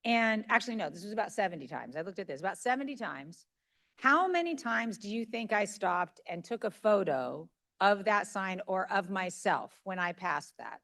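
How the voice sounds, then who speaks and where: A woman giving a lively, conversational conference talk, asking the audience questions as she presents a workshop. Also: medium pitch, moderate pace, gravelly. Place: conference room.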